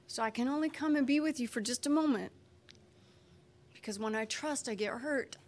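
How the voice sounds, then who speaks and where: A woman telling an emotional personal testimony, animated and expressive, acting out what people said. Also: sits high, moderate pace. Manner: animated, expressive, acts out quotes. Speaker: speaker sharing a personal testimony.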